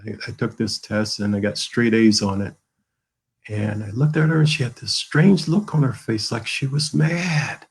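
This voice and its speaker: Gravelly earnest man on a video call. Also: fairly low pitch, poor audio. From American South. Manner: earnest, halting, with many fillers. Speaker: author and guest. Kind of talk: emotional personal storytelling.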